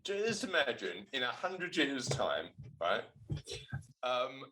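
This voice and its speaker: A man's voice: mid-range voice, big pitch swings, slow pace, noisy background. A man hosting a podcast in casual chat, talking in a chatty, teasing way with frequent laughs. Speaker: podcast host.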